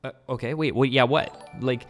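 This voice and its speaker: A young man streaming, explaining ideas in fast, rambling, profane casual talk with acted-out examples. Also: medium pitch, fairly even intonation, soft background music. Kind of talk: casual livestream commentary.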